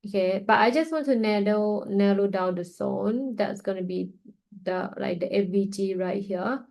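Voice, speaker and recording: A woman's voice: mid-range voice, normal speed, vocal fry, darkish tone, poor audio. A woman hosting a trading webinar, thinking aloud over live charts with loose grammar and many fillers, tired and yawning. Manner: casual, thinking aloud while watching charts. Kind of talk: live market analysis.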